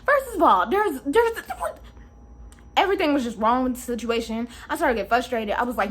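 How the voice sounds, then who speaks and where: Young woman, storytime vlog, slangy and exclamatory, fairly high voice, lively swooping pitch. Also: normal speed, slight background noise. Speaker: vlogger.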